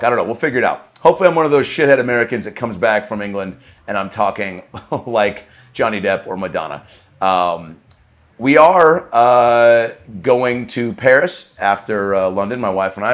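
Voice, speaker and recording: A male comedian hosting a podcast, riffing in a loose, profane, rambling monologue from a comedy club green room. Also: on the low side.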